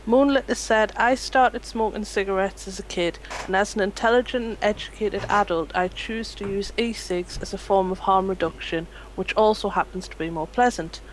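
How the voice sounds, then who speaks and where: A woman's voice: mid-range voice, steady tone, normal speed, hardly any pauses, a little hiss or hum, rough recording. A woman on a live panel show reading viewer comments aloud in a matter-of-fact, lightly amused way. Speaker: chat reader.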